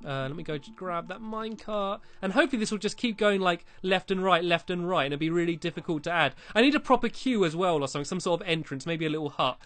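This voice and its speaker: A let's-play creator chats casually while building in a game, playful and teasing, often breaking into excited squeals. The voice is mid-range and fast, with hardly any pauses.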